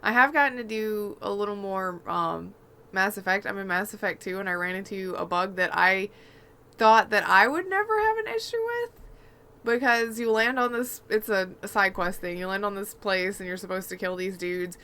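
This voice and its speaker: A woman's voice: medium pitch, moderate pace, bright, forceful tone, clear, resonant tone. A woman co-hosting a gaming podcast, telling rambling, chatty stories in casual conversation. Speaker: podcast co-host.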